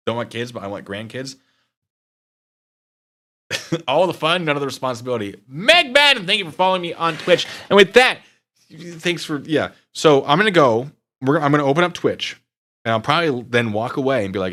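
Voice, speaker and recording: A man's voice: medium pitch, sing-song, a little fast, sharp tone. A man hosting a stream, chatting casually with his viewers in a rambling, joking way. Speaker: streamer and video host. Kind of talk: casual chat to live chat.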